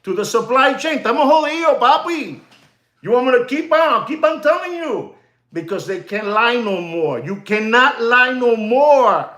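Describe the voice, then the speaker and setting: A man's voice: very high-pitched, sing-song, moderate pace, a bit bright, reverberant. A man who deals in watches, speaking in an emphatic, repetitive vlog rant full of heckling. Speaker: watch dealer.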